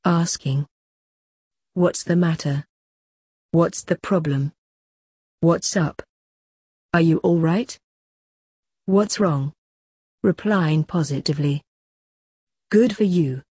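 A woman reading English textbook phrases and a short letter aloud for learners, clear and deliberate. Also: on the low side, a little mellow, dry recording, clean studio sound. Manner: clear, deliberate, evenly paced. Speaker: textbook audio narrator.

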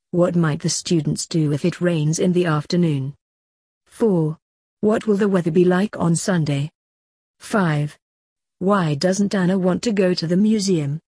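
A woman reading textbook exercise instructions in a measured, clear, instructional way. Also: on the low side, warm tone, no echo, studio quality. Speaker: textbook audio narrator.

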